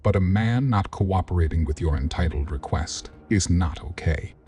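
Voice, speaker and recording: A man with a low, dark, very husky voice narrates in a measured, disapproving way. He sounds set back from the microphone. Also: far from the mic. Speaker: commentary narrator. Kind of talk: critical voice-over commentary.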